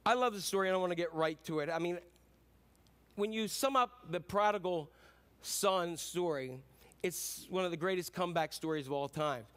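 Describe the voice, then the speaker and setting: A man preaching a sermon, retelling a story in an animated way and acting out its characters. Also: high-pitched. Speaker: pastor.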